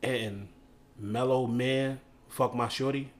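A man's voice: medium pitch, fairly even intonation, slow. A young man hosting a casual group chat, playful and emphatic, reading out the questions.

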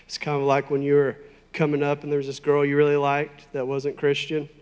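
A man preaching a sermon, emphatic and deliberate, with playful asides to the congregation. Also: a little high, completely flat delivery, a little mellow, clear, resonant tone, long reverb tail. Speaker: pastor.

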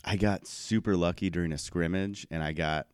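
A man co-hosting a podcast, telling stories in relaxed casual chat and laughing often. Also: sits low, normal speed, clean tone, dry recording, studio quality. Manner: laid-back, laughs often. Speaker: podcast co-host.

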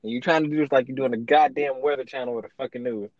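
A man's voice: mid-range voice, steady tone, rapid-fire, a little mellow, dry recording, highs cut off. A man co-hosting a casual podcast, teasing his partner bluntly and swearing heavily. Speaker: podcast co-host.

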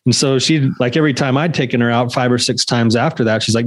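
A man in his thirties or forties tells a story as a podcast co-host, in a casual, animated way. He acts out the voices of the people in it. His voice sits at an everyday pitch, recorded dry and close with no room sound. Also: fast, no room sound.

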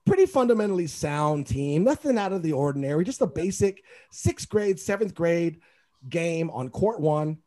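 Animated man telling a story. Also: a little high, moderate pace. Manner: animated storyteller acting out quotes, laughing often. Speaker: basketball referee. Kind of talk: casual storytelling chat.

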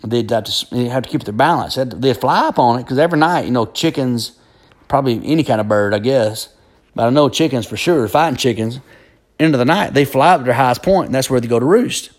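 A man's voice: medium pitch, fast. Rambling man telling a story. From Alabama. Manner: rambling, animated, full of fillers and restarts. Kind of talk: casual storytelling.

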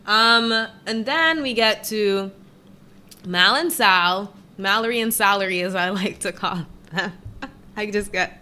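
A woman's voice: mid-range voice, unhurried, pushed and bright. A woman co-hosting a podcast, recapping a reality show in a teasing, giggly, mock-exasperated casual chat. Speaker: podcast co-host.

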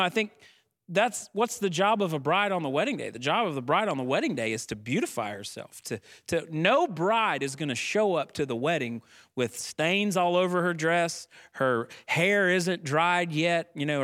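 A young man preaching in a dry, close-miked sound, his voice sitting a little high for a man. He climbs into emphatic declarations and slows way down on the phrases he wants to land, then drops back into easy storytelling. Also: a bit bright, no echo. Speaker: pastor. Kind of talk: sermon.

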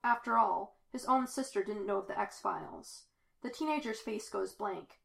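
A woman narrating a fan-fiction audiobook in a lively, expressive way. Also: medium pitch, normal speed, vocal fry. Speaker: podfic reader.

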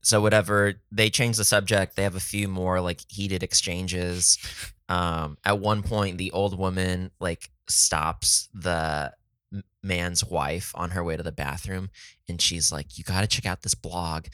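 A man's voice: deep voice, fairly even intonation, a little slow, fairly bright tone, clean tone, no echo, clean studio sound. A man from San Diego co-hosting a podcast, telling a story in casual chat, laughing often and acting out the people he quotes. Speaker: podcast co-host.

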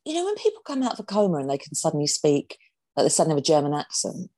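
Over a video call, a woman co-hosts a podcast in casual, playful chat full of teasing and giggles. Her voice is low and warm, and she talks rapid-fire with huge pitch swings.

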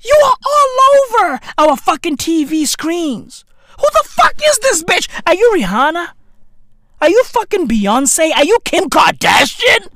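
A man's voice: very high-pitched, sing-song, a little slow, bright, forceful tone, dry recording, studio quality. A young man, ranting in a mocking, exasperated, profane way and calling people "bruv" and "fam". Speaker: commentator. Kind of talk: profane comedic rant.

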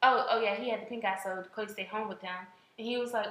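A woman's voice: mid-range voice, steady tone, quick pace, fairly bright tone, roomy sound, low-quality recording. A young woman co-hosting a casual chat, talking at length with many fillers and restarts. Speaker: podcast co-host.

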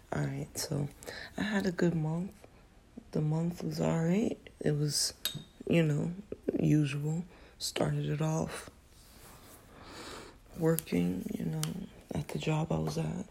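Gravelly low-voiced woman, just woken up. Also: dark tone. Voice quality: voice cracking. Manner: candid, venting, slangy. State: groggy, just woke up. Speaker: podcast host. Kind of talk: casual solo podcast monologue.

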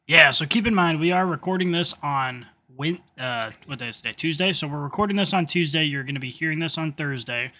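Bright, confident man co-hosting. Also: on the high side, fairly quick, hardly any pauses. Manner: confident, matter-of-fact. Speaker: podcast co-host. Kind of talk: casual podcast chat.

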